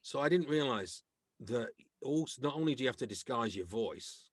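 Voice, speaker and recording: A middle-aged man from England chats as a podcast guest, spinning animated anecdotes and slipping into the voices of the people he quotes. His voice sits at an ordinary pitch for a man. The sound is close and dry, with no room echo. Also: moderate pace, slightly rough. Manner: lively storyteller who acts out quoted voices. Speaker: guest, comedian and actor. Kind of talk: casual anecdotal chat.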